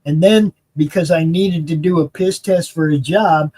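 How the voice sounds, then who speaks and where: Husky high-voiced middle-aged man. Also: steady tone, normal speed, warm tone. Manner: rambling, profane anecdotes. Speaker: panelist on a livestream. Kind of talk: casual chat.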